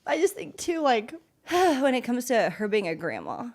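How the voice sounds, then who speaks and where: A woman's voice: on the high side, wildly swooping pitch, moderate pace. A young woman co-hosting a casual podcast, talking in a heartfelt way that turns emotional. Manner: warm, heartfelt, gets emotional about her mom. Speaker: podcast co-host.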